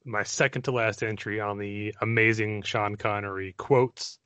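A man's voice: lowish voice, fairly even intonation, moderate pace, pushed and bright, clean tone, no echo. A man co-hosting a casual film podcast, joking and teasing his co-hosts. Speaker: podcast co-host. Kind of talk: casual film-discussion chat.

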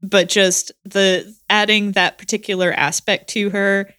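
A woman's voice: mid-range voice, flat delivery, measured pace, pushed and bright, dry recording, studio quality. A woman co-hosting a podcast, talking in a candid, blunt and self-deprecating way. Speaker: podcast co-host. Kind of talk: casual podcast chat.

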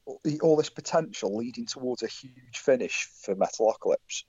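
A man with an English accent teases his hosts in relaxed chat. His voice is husky and lively, and it comes through dull and dry. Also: medium pitch, normal speed, no room sound. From England. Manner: wry, teasing. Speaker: podcast guest. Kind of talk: casual podcast banter.

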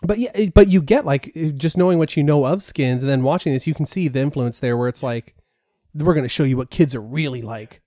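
A man's voice: a little high, brisk, mellow, no echo, studio quality. A man co-hosting a podcast, talking casually with many fillers and restarts. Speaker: podcast co-host. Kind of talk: casual chat.

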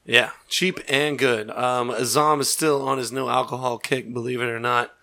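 A man's voice: mid-range voice, fairly even intonation, normal speed, creaky, sharp tone. A man hosting a podcast in casual banter, joking and teasing his friends. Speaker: podcast host.

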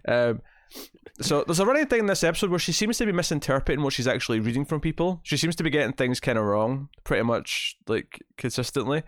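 A man co-hosting a podcast, recapping scenes in a rambling, animated way. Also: on the high side, fast, few pauses, no echo, studio quality. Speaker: podcast co-host. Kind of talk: casual chat.

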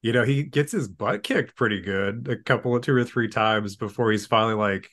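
A man's voice: fairly low pitch, brisk, fairly bright tone. A man hosting a casual movie podcast, rambling with many fillers and acting out lines. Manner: rambling, full of fillers and acted-out quotes. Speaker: podcast host.

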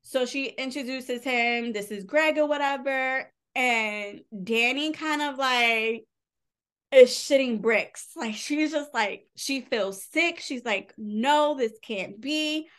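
A podcast co-host casually recaps a novel's plot, chatting away with plenty of fillers and quoted dialogue. Her voice is high-pitched, slow, fairly bright, and clean.

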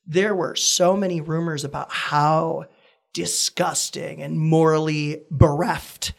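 A man in his twenties, a guest talking candidly and reflectively about his past in a relaxed conversation. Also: on the high side, vocal fry. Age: 20s. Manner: earnest, reflective, measured.

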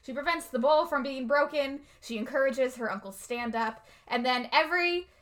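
A woman's voice: sits high, normal speed. A woman co-hosting a podcast, recapping a movie in casual chat and laughing often. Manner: laughs often, animated retelling. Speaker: podcast co-host.

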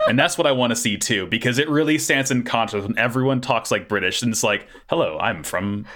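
A man's voice: mid-range voice, quick pace, fairly bright tone. A man chatting casually on a podcast in an enthusiastic way. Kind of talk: casual chat.

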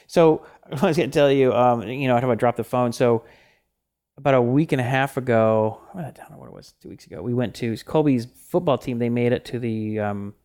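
A man co-hosting a casual podcast. He talks in a middle-pitched voice and strings his stories together loosely. His speech is full of restarts and filler words. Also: fairly quick, darkish tone, smooth. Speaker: podcast co-host. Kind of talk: casual chat.

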